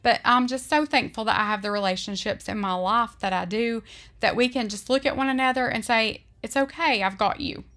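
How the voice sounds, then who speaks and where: A woman vlogger talking earnestly about faith and friendship, speaking with heartfelt emotion and often slowing down to stress her words. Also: on the high side, fairly bright tone. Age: adult. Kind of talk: heartfelt faith-based vlog talk.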